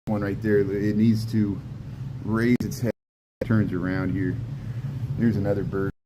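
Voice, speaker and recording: A man's voice: lowish voice, level tone, a little slow, background noise. A man narrating a casual walking tour inside a zoo birdhouse, chatting to the birds and often repeating and trailing off his words. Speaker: vlogger.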